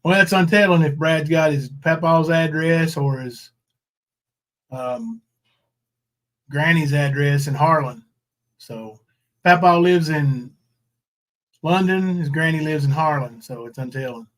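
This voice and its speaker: High-voiced, sarcastic man. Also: measured pace, long pauses. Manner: sarcastic, rambling, coarse. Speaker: livestream host. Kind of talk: casual livestream commentary.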